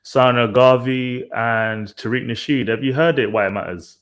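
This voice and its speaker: A man's voice: mid-range voice, normal speed. A man hosting a live stream, asking probing questions in casual chat. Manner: probing questions, rising animation. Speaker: host of a stream.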